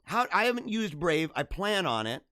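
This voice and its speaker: Live show host, man, high voice that swoops all over, comic rants, dry close sound. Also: moderate pace, no room sound. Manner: animated, ranting, jokey; laughs often. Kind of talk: casual live-stream commentary.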